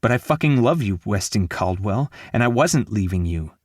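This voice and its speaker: A man's voice: lowish voice, animated, moderate pace, no echo. Male reader doing a hurt young woman in love, emotional, raised voice, dry read. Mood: pleading.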